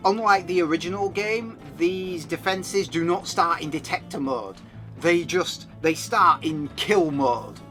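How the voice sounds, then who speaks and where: A man's voice: on the high side, unhurried, pushed and bright. A man narrating a video game review in a scripted voice-over, with wry, chatty asides. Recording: voice-over with faint game music.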